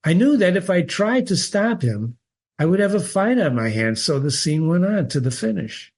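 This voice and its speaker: A man reading a short story aloud as the show's host, expressive and lifting his pitch on key words. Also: moderate pace, slightly rough. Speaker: reader.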